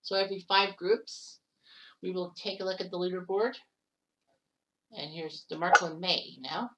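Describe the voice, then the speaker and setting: A woman casually calling the shots in a golf video game, chatty and quick to blurt out exclamations. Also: fairly low pitch, steady tone. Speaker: game commentator. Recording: distant mic with loud background noise.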